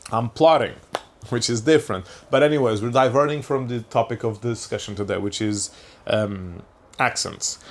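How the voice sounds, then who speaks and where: A man from Portugal talks through a loose comedic podcast monologue at a middling pitch. He rambles, breaks off his own sentences and restarts them, and swears in passing. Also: normal speed. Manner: rambling, self-interrupting, swears casually. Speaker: podcast host.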